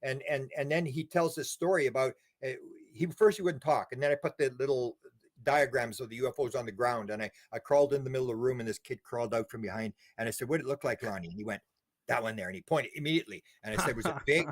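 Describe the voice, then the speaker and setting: An older man, a guest in a casual interview, telling animated stories with many restarts and repeated words. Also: mid-range voice, fast. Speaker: interview guest, UFO researcher.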